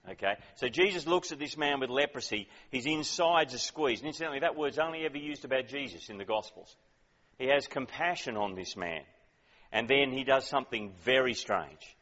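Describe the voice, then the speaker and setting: A man's voice: mid-range voice, fairly bright tone, in a large hall, muffled recording. A man preaching a sermon in a conversational, emphatic way, often asking questions.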